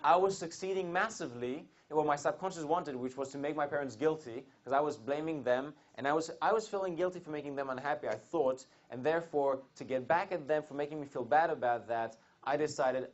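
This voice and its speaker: A man giving a motivational seminar talk to a live audience, telling a personal story with animated delivery and questions to the room. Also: a little high, fairly quick, muffled recording. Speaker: seminar speaker.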